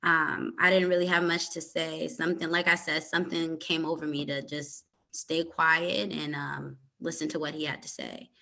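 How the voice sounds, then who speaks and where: Bright-toned young woman telling a personal story. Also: deep voice, normal speed, vocal fry, hardly any pauses. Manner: calm, hesitant retelling with many fillers. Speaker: podcast host.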